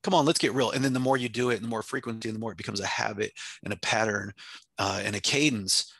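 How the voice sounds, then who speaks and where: A man's voice: on the low side, fairly even intonation, fast, creaky, pushed and bright, no echo. A man who leads a company, answering interview questions in a passionate, emphatic way. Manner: intense, emphatic, acts out his own quoted speech. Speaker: company president and CEO, guest.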